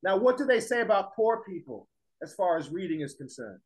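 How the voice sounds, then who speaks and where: Emphatic male teacher with a high voice, lecturing and pressing the class with questions. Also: very animated, fairly quick, low-quality recording. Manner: emphatic, repeats points, fires rhetorical questions at the class.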